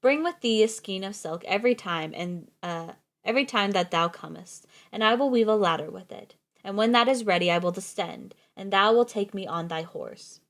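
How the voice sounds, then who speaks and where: A woman's voice: mid-range voice, normal speed, few pauses, natural voice. A woman reading aloud the lines of an innocent young maiden locked in a tower. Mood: earnest.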